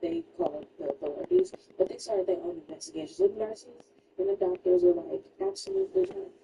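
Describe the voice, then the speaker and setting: A woman's voice: on the high side, wildly swooping pitch, fairly quick, vocal fry, distant mic, noisy background. A woman streamer casually retelling a true crime story while gaming, emphatic and chatty, full of "like" asides.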